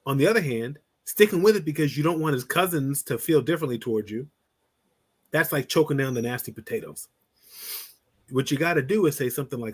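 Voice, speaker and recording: A man coaching on relationships in a casual podcast talk, blunt and animated, acting out little scenes and swearing freely. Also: medium pitch, a little fast, breathy edge.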